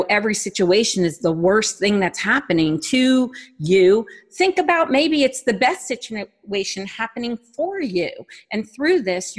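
A woman hosting a radio show, reflecting on her guest's story in a chatty way, with many fillers. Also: mid-range voice. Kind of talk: casual radio show interview.

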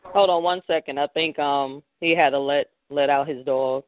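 Male host, somewhat high, distracted by tech; phone-thin dry sound. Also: steady tone, normal speed, a little hiss or hum. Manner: fumbling with tech, talking himself through it. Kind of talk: casual online show hosting. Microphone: tablet. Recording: tinny phone-like call audio, dry.

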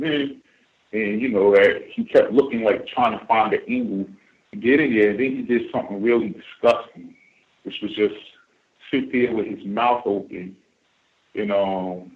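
Rambling man calling in over a phone. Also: fairly low pitch. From United States. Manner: rambling, many fillers and restarts. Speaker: caller. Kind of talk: casual call-in storytelling. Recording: phone line.

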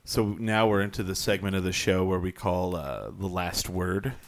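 A deep-voiced man hosts a podcast at normal speed, chatting casually and swearing freely.

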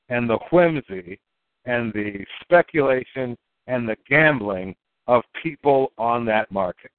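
A man's voice: mid-range voice, no echo. Man talking over a tinny, dry line. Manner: rambling, animated, rising emphasis, acts out investors' reactions. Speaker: crypto token promoter. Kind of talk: casual explainer monologue. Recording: tinny phone-like, dry sound.

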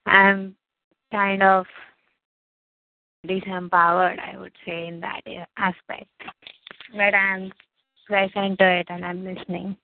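A woman on a call speaks hesitantly and candidly, in slow, halting phrases. Her voice is lowish and flat, with little rise and fall. The sound is dry and tinny, like a phone line. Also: vocal fry, no room sound. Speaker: call participant.

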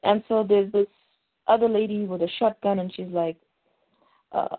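A woman's voice: medium pitch, steady tone, normal speed. A woman co-hosting a casual show recap, describing a scene in a hesitant way with fillers. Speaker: podcast co-host. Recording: tinny phone-like audio.

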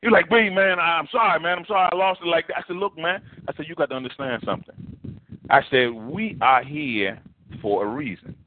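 With a fairly high pitch, this man delivers a sermon as loose, animated storytelling, performing the voices of the people involved. The audio is dry and tinny, phone-like, with slight background noise.

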